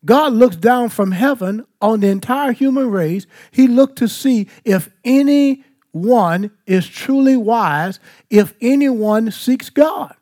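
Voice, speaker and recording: A man's voice: very high voice, takes it slowly, dark tone. A man teaching a Bible study, asking the listeners questions and then answering them. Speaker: preacher.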